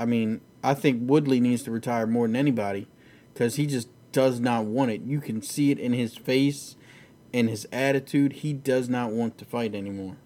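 A man's voice: mid-range voice, dark tone. A man hosting a casual, profane chat about fights, rambling and laughing easily. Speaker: podcast host.

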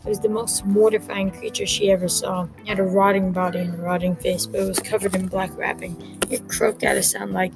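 A woman's voice: medium pitch, level tone, fairly quick, gravelly, rough recording. A woman reading a story over music. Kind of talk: reading an original story aloud.

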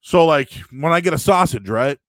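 This man, whose voice sits a little high, hosts a live stream and answers chat questions at a normal pace in a dry recording. He's animated and casual, rambling and joking, and he restarts a lot.

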